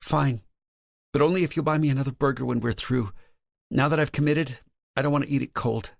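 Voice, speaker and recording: A man's voice: mid-range voice, fairly even intonation, fairly quick, vocal fry, dry recording, studio quality, pitched above the performer's own voice. A male narrator voicing a teasing, sassy young woman in an audiobook, speaking in a playful, bantering way.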